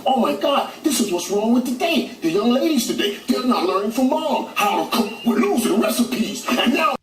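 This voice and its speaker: A man mockingly putting on a shrill, scandalized old-fashioned scold with an exaggerated whine. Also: very animated, normal speed, a bit bright, roomy sound, recorded from a distance, soft background music, exaggerated voice.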